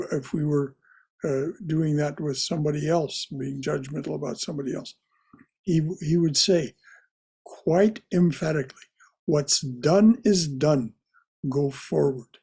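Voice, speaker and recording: A man leading a religious study class, gentle and often repeating words as he explains. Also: on the high side, vocal fry, slightly rough. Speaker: class teacher.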